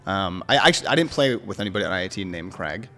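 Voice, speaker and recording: Lower-voiced man telling bar stories. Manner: animated storyteller, quick asides, frequent "like" and "I swear to God". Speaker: comedian guest. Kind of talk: casual podcast chat.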